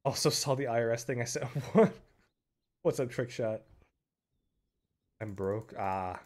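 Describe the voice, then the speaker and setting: A young man giving live commentary on a game, excitable, breaking into loud yells and laughter. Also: mid-range voice, a little slow. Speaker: game streamer.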